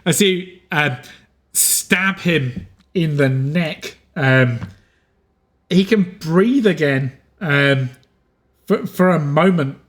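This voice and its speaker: A man narrating as game master, halting and full of "like" and "um" as he improvises. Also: fairly high pitch, a bit bright.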